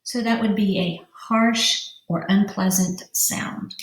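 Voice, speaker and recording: Woman teacher, slow careful delivery, drawn-out syllables, roomy echo. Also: medium pitch, fairly even intonation, a little hiss or hum. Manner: slow, drawn-out syllables, spelling letters aloud. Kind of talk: vocabulary lesson for young children.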